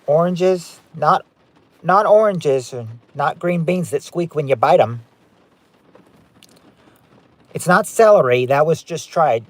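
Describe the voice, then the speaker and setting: A man's voice: a little high, animated, unhurried, no room sound. A man hosting a live-stream game night, chatting as he reads out viewer guesses and rules on each one. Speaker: game show host.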